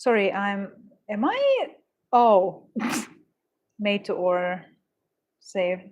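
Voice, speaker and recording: A woman's voice: medium pitch, fairly even intonation, very slow, highs cut off. A woman chatting casually while working on orders, easily startled, laughing often and correcting herself as she talks. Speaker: crafting livestreamer.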